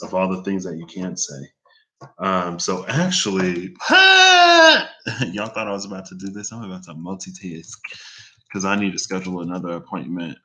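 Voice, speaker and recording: Bright-voiced man rambling casually. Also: low-pitched. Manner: chatty, meandering, quotes others in raised voice. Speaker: vlogger.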